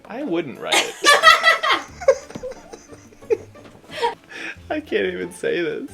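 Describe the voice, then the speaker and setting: A man's voice: high voice, wildly swooping pitch, extremely slow, creaky, loud music behind the voice. A man casually reacting to a fantasy romance novel he is reading, joking and laughing a lot. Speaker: book reviewer, reader.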